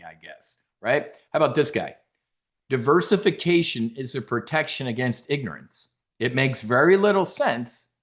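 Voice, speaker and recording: Cocky male trading host, mid-range voice, blunt and loud. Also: mid-range voice. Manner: brash, blunt, boastful; loud and swaggering, full of fighter-pilot talk. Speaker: options trading educator. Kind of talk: energetic market webcast.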